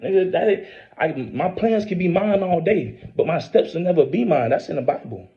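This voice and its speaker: A man giving a rambling, preachy religious monologue, repeating himself, swearing and stumbling through scripture readings. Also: high-pitched. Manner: reads scripture aloud haltingly. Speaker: self-posting religious speaker. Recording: dull lo-fi recording.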